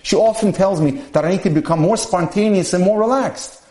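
A man with a slightly high voice reads relationship case studies aloud for a podcast. He keeps a steady, measured pace and now and then turns to address his listeners directly. The room around him has a noticeable echo. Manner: measured reading with asides to listeners. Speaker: podcast speaker on dating and marriage.

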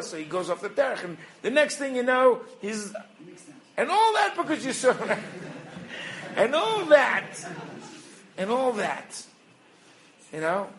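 A man giving a Torah lesson as a rabbi, animated, firing rhetorical questions and acting out little exchanges. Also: high-pitched, a little hiss or hum, rough recording. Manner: acts out little dialogues. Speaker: rabbi and educator.

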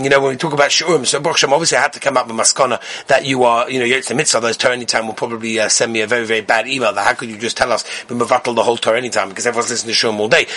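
A man teaching a lively spoken Torah lesson, rattling off sources quickly and speaking with emphasis. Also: fairly high pitch, breathy edge. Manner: rapid-fire listing of sources, animated and emphatic. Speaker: rabbi giving a Torah class. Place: Israel.

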